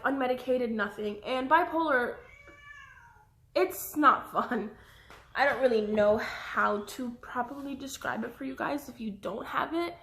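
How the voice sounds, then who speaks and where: A young woman speaks straight to her camera in a personal vlog, rambling from thought to thought and pausing to apologize for her scattered thinking. Her voice sits a little high and sounds bright. The room around her adds a noticeable echo. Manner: rambling, jumps between thoughts, apologetic asides. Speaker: vlogger.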